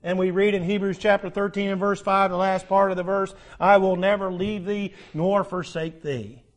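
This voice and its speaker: An older man preaching a sermon as pastor, emphatic and repetitive, swinging between loud declarations and hushed asides. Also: sits high, fairly even intonation, moderate pace.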